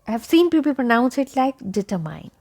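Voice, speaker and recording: A woman teaching English pronunciation, saying each word slowly and repeating it several times. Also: mid-range voice, animated, vocal fry, darkish tone. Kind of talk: pronunciation lesson.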